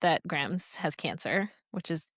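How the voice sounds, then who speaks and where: A woman in her forties, a teacher, co-hosting a casual podcast chat, chatty and animated with lots of fillers. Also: sits low, a little slow, no echo, studio quality. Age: 40s. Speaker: podcast co-host. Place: small indoor room.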